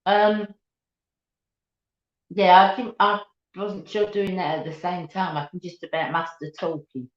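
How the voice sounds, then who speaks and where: A woman's voice: fairly low pitch, level tone, measured pace, pauses often. A middle-aged woman hosting a casual live chat, laughing often and greeting viewers by name. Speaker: live stream host. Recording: dull, roomy home recording.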